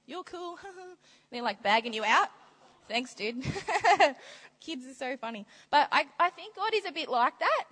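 A woman preaching a sermon in an animated, bubbly way, laughing often and acting out little quoted voices. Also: high voice. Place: large hall with long reverb. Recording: reverberant hall recording.

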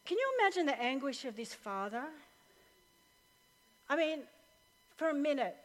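High-voiced woman pastor preaching live. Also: moderate pace. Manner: animated storytelling, laughs often. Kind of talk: sermon. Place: church hall with live audience. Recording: reverberant live hall recording.

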